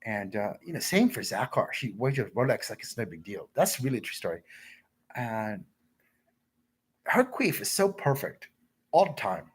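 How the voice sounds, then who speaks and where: Husky guy rambling on his stream, voice all over the place, reads the chat out loud. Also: mid-range voice, sing-song, normal speed, pauses often. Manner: crude, repetitive, rambling storytelling; reads viewer comments aloud. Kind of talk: rambling livestream monologue.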